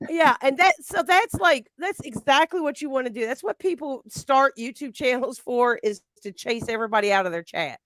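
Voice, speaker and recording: A woman's voice: sits high, expressive, normal speed, hardly any pauses, a bit bright, no room sound. A woman co-hosting a casual livestream chat, reacting eagerly and laughing often. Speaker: co-host.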